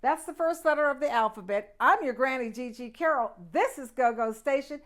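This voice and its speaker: A woman's voice: high voice, brisk, a bit bright. Bubbly older woman teaching kids. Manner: bubbly, exaggerated, sing-song. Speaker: host, children's teacher. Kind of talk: children's alphabet lesson.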